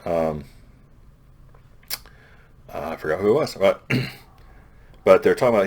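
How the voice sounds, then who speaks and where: Low-voiced man rambling through a comic recap. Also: expressive, a little slow, pauses often, darkish tone. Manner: loose, rambling plot recap with frequent restarts; paraphrases characters in a plain offhand voice. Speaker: comic book reviewer. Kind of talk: casual chat.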